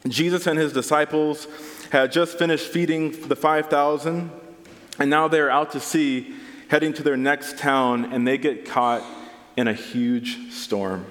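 A man's voice: a little high, a bit bright. Man preaching in a reverberant hall. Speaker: pastor. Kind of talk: sermon.

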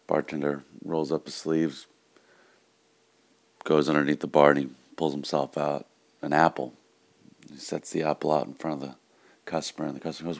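Gravelly very deep-voiced podcast man. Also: fairly quick. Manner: deadpan joke telling, yelling the customers' lines. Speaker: podcast host. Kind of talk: telling a joke, then casual podcast talk.

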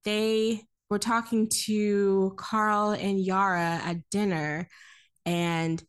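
A woman co-hosting a podcast, recapping a film in casual chat, animated, laughing often and swearing freely. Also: medium pitch, extremely slow, clean tone.

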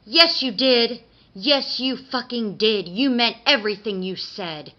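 A woman's voice: sits high, unhurried, dull audio, voice pushed up. A woman voicing a crude wailing male imp. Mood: bitter. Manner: taunting, then wailing sobs. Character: crude lecherous male imp Mister Kink.

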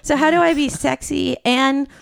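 An actress chatting casually, self-conscious and quick to laugh. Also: female voice, high voice, fairly even intonation, vocal fry, no room sound. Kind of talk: casual chat.

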